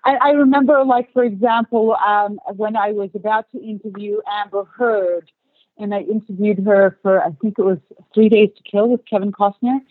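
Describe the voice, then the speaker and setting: A woman guest actress telling a story in a casual interview, chatty and halting, with many restarts and fillers. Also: mid-range voice, steady tone, no echo. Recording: tinny phone-like line, dry.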